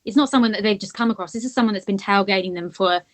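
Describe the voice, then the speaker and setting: A woman co-hosting a true-crime podcast in relaxed, casual conversation. She retells events at length and thinks aloud as she talks. Her voice sits at an ordinary middle pitch for a woman. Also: very fast. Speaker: podcast co-host.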